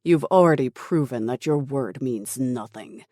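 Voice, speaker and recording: An audiobook narrator voicing a ruthless male military commander who speaks coldly and dismissively, with quiet menace. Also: mid-range voice, a little slow, no echo, studio quality, close to an everyday voice. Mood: menacing.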